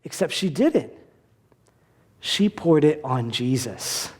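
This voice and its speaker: A man with a rather high voice preaches a sermon. His talk is conversational and full of asides, and he briefly slips into quoted voices to act them out. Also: very animated, slow, a little mellow, husky. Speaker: pastor.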